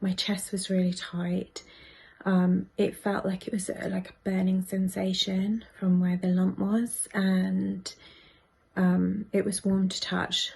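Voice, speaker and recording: Taking it slowly with a completely flat delivery, this vlogger speaks in a mid-range, a little mellow voice that's husky and gravelly. She's in her thirties, half-whispering and worried as she confides to the camera.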